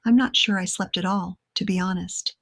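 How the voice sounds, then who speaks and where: A woman reading a weary, quiet young woman. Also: medium pitch, steady tone, normal speed, vocal fry, dry recording, studio quality. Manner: quiet and tired. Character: young woman, weary and shaken but wry.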